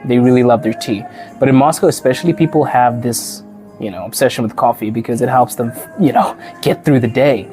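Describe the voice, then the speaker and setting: Here the African podcast host, who is also a teacher, speaks fairly quickly in a mellow, medium-pitched voice over faint background music. He keeps things casual for the camera, laughing a lot and acting out whoever he's quoting.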